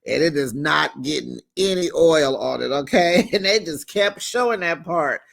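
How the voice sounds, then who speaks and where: A man's voice: on the high side, animated, normal speed, vocal fry, fairly bright tone. Sassy man recapping reality TV. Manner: sassy, talks straight to viewers with "child", "honey", "bruh"; laughs often while telling the story. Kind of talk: casual gossipy recap commentary.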